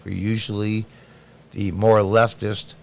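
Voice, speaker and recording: A man's voice: lowish voice, little pitch movement, takes it slowly, gravelly. A man hosting a podcast, reading news items aloud and answering them with blunt, sarcastic, combative political commentary. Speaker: podcast host.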